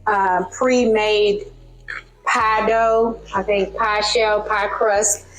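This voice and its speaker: A woman with a Southern twang walks viewers through a recipe in her home kitchen. She keeps it casual and friendly, calling her audience guys and tagging steps with okay. Faint music sits low behind her voice. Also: level tone, drawn-out words, fairly bright tone, low-quality recording. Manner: chatty, addresses viewers as guys, frequent okays. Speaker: cooking channel host. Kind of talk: casual cooking demonstration.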